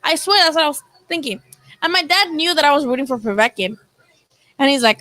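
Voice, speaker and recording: A woman's voice: high-pitched, brisk, fairly bright tone, no echo, rough recording. A woman hosting a live boxing chat, talking casually and animatedly, swearing freely and acting out what people said. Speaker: boxing channel host.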